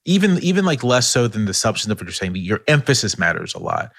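A man's voice: fairly low pitch, very animated, fast talker, creaky, a bit bright, no room sound. A man analyzing politics in a casual podcast discussion, thinking aloud with frequent restarts and "right?" tags.

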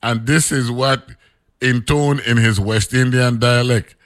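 A man's voice: mid-range voice, steady tone, measured pace, no room sound. A man, hosting a radio show and reading an old newspaper article aloud, breaking off into loose, chatty asides.

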